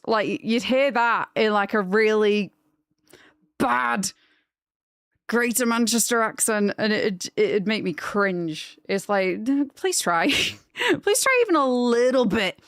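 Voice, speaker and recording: A woman's voice: mid-range voice, dry recording. A young woman talks to her live-stream chat, wandering from thought to thought and gushing over things she likes. Her voice sits in a middle register, recorded dry and close on a desk microphone with no room sound. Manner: chatty and rambling, gushing when excited.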